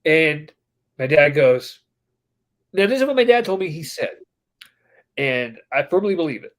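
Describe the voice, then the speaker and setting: A man with a slightly high voice tells a story on a casual podcast. He is animated and acts out the people in it as he goes. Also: measured pace. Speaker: podcast co-host. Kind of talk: casual chat.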